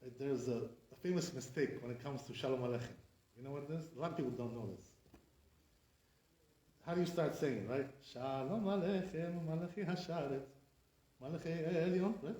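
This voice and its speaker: A man's voice: mid-range voice, brisk, long pauses, warm tone. A man teaching as a rabbi, correcting pronunciation and drilling words with rhetorical questions. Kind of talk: classroom lesson. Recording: echoey room sound.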